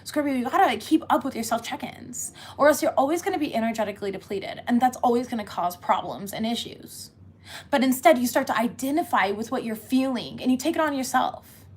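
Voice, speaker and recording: A woman's voice: a little high, fairly quick. A woman giving a casual tarot reading, chatty and laughing often, cussing freely as she talks. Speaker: tarot reader.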